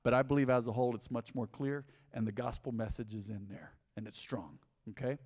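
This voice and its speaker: A male pastor preaching a sermon in a church hall, animated and conversational, often repeating his points. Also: mid-range voice, a little fast. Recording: long hall reverb.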